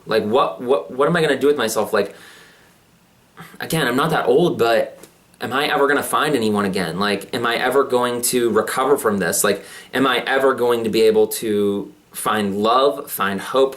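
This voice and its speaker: A man's voice: mid-range voice, a bit bright. Rambling young man telling his story. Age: 20s. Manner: rambling, many fillers and restarts. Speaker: vlogger. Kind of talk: personal confessional vlog.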